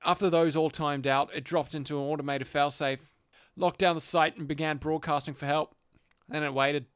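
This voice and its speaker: A man's voice: a little high, steady tone, moderate pace, a bit bright, clean tone, no echo, studio quality, lightly acted. A man voicing a male field agent who explains things steadily. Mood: explaining.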